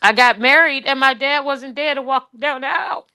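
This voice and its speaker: A tearful woman speaking about her anger and loss in a halting, raw and emotional way. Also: sits high, pushed and bright. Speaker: guest sharing her grief. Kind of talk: personal testimony on a call.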